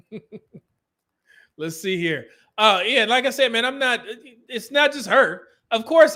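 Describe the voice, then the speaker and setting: A man's voice: high voice, sharp tone. A man with a Californian accent hosting a live stream in casual, joking talk, often laughing and reading out viewer messages.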